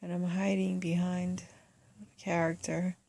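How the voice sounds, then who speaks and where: A woman filmmaker speaking in a soft, halting, hesitant way, in confessional documentary talk. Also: on the low side, level tone, gravelly, dry recording. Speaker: first-time filmmaker.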